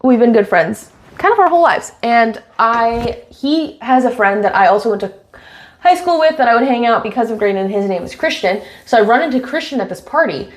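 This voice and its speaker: Young woman streamer from Washington state, chatty, reads chat aloud, voice a touch high. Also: animated, a little fast. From Washington state, USA. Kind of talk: casual live-stream chat. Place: home, getting ready on stream.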